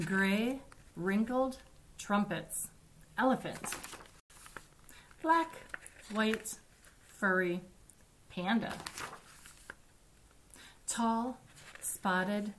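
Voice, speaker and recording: A woman librarian reading picture books aloud to children at story time, with a gentle, deliberate delivery. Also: mid-range voice, slight background noise.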